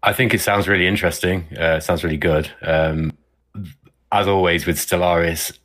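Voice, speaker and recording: This is a man with a very low voice talking on a gaming podcast. He speaks thoughtfully and at a measured pace, and often rephrases himself mid-sentence. The tone stays casual and conversational. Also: fairly even intonation, fairly bright tone. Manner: thoughtful, measured, self-correcting. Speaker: podcast co-host.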